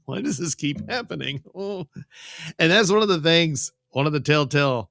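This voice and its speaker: A man's voice: fairly high pitch, lively intonation, normal speed, creaky, a bit bright, no room sound, clean studio sound. A man hosting a live stream and retelling a movie plot in a loose, rambling way, stammering and chuckling as he goes. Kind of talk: casual live-stream chat.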